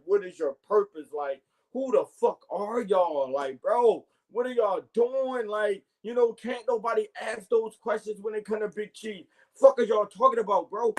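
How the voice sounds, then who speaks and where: A man's voice: sits high, darkish tone. A man hosting his own morning podcast, delivering a profane, confrontational and preachy monologue straight to his listeners, repeating catchphrases as he goes. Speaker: podcast host. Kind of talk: solo morning podcast rant.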